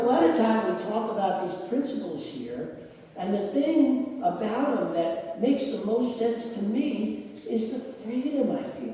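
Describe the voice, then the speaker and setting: A middle-aged man giving a sermon, telling personal stories slowly with laughter. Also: high-pitched, dark tone. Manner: slow, storytelling with laughs. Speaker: spiritual speaker. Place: large hall with audience. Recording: echoey hall, distant mic.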